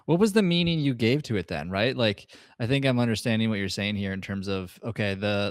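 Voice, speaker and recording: A man's voice: fairly low pitch, no room sound, clean studio sound. A podcast host asking reflective questions and paraphrasing his guest's story. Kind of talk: interview questions.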